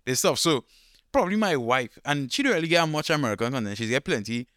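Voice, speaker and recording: A man, chatting casually as a podcast co-host, rambling and thinking aloud in a relaxed way. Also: medium pitch, quick pace, no echo, studio quality. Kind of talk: casual chat.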